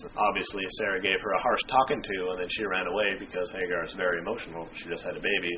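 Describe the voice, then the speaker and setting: Fast-talking man, lo-fi recording. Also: low voice, fairly even intonation, a crowd in the background. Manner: irreverent, joking, slangy. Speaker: Bible study video host. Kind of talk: scripture reading and casual explanation. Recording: dull lo-fi home recording.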